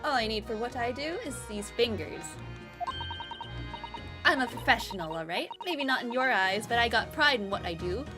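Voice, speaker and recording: Una donna che fa una giovane borseggiatrice sfacciata. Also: female voice, a little high, lively intonation, moderate pace, over music, voice pushed up, lightly acted. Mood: proud. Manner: cheeky, slangy, attempted Cockney. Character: cocky young female street pickpocket.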